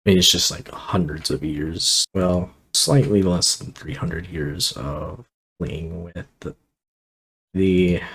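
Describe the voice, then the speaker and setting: A man's voice: low-pitched, vocal fry, fairly bright tone, breathy edge, rough recording. A man casually commenting on his strategy game as he plays, thinking aloud and rambling with fillers and asides. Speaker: gameplay commentator.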